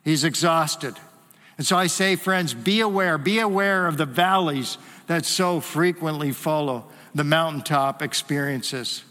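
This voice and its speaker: A man preaching a sermon in a church hall, animated and acting out the voices he quotes. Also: a little high, measured pace. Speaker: pastor. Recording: long hall reverb.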